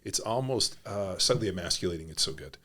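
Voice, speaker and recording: A man's voice: deep voice, lively intonation, a little fast, fairly bright tone. A man hosting a podcast in a casual, blunt and profane way, rambling through his thoughts. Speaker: podcast host.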